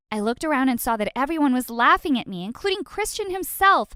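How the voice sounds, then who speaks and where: High lively woman telling a cartoon story, dramatic, dry close mic. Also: brisk, no echo. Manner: expressive, dramatic, sarcastic. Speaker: narrator. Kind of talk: animated first-person storytelling.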